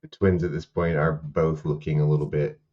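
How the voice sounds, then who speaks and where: A man narrating a tabletop game as game master, halting with many fillers. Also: a bass voice, little pitch movement, mellow, lo-fi sound.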